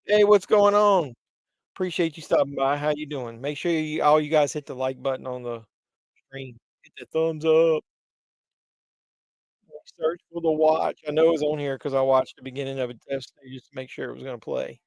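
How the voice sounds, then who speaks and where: Male livestream host, slightly high-pitched, chatty and meandering, a little congested; dry close sound. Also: steady tone, normal speed, vocal fry, no room sound, poor audio. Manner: rambling, chatty, many fillers. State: congested from pollen. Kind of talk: casual livestream chat.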